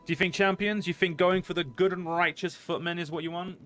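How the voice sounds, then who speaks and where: A man's voice: sits high, steady tone, brisk, a bit bright, faint music behind. A man streaming a game, chatting casually and profanely to his viewers. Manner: casual and profane, talks to chat, stretches words.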